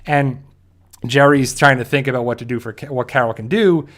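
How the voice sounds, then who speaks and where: A man's voice: medium pitch, brisk, fairly bright tone. Rambling man recapping an episode. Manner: rambling with frequent fillers and restarts. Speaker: show host. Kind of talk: casual episode recap and review.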